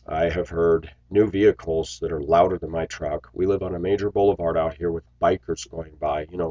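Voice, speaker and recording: A man's voice: low-pitched, warm tone, dry recording, muffled recording. A man giving a blunt, opinionated monologue to his viewers, acting out what other people say. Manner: blunt, opinionated, acts out quotes. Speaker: video commentator.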